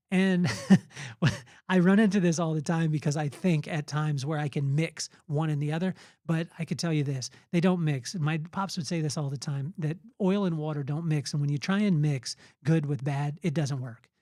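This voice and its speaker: A man's voice: on the high side, moderate pace, warm tone, no room sound, clean studio sound. A middle-aged man hosting a podcast, giving an earnest, preachy motivational faith talk with spontaneous storytelling. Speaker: podcast host.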